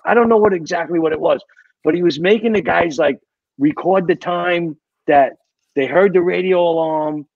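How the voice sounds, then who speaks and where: Casting note: New man, retired fire captain, gravelly, rambling storyteller, dry lo-fi podcast sound. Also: sits high. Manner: rambling, repeats words, tells war stories. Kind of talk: casual storytelling.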